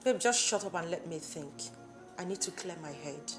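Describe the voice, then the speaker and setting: A woman's voice: on the low side, animated, moderate pace, faint music behind, lightly acted. An actress with a Nigerian accent playing a defiant, obsessive young woman who speaks sharply.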